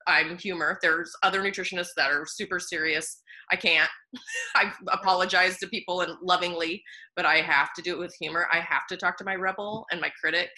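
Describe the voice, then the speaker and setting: A woman nutritionist talking in a casual interview, bubbly and animated, laughing often between thoughts. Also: fairly low pitch, fairly quick.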